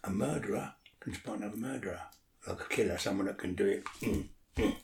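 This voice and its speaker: A man's voice: lowish voice, fairly quick, gravelly, a little mellow, echoey room, a little hiss or hum. A man talking as an interview guest in casual chat, blunt and swearing a lot, often checking that the listener follows.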